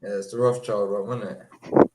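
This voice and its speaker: A man's voice: on the low side, steady tone, normal speed, darkish tone. A man in a casual chat, teasing and chiming in with short interjections.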